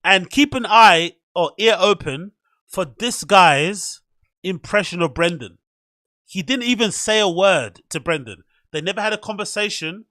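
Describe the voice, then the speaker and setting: A man's voice: sits high, sharp tone. A man hosting a podcast, casually commenting on clips in a rambling, self-mocking way. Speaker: podcast host.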